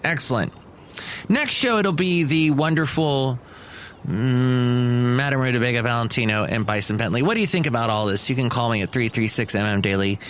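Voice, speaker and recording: A man's voice: mid-range voice, animated, a little fast, fairly bright tone. Solo podcast host, middle-aged man, dry meandering chatter, faint hiss. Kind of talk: rambling solo comedy podcast.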